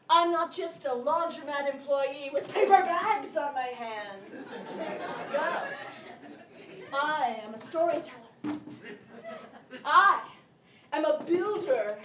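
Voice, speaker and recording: A woman's voice: sits high, roomy sound, recorded from a distance, noisy background. A woman playing an unhinged bank robber who holds hostages to rehearse a puppet show, lurching between bossy threats and needy politeness in a live stage comedy. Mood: grandiose. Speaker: comedian in a solo character show. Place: theatre stage with a laughing audience.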